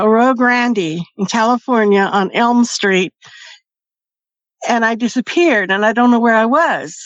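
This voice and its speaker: A woman recounts a personal experience in a chatty, easygoing way, laughing between phrases. Her voice sits a little high, and the recording sounds dull and completely dry. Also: no echo. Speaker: podcast guest. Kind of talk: casual storytelling.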